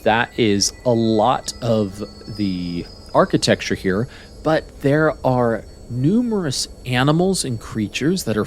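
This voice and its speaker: A man narrating as game master of a tabletop game, describing scenes in detail and searching for words as he goes. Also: mid-range voice.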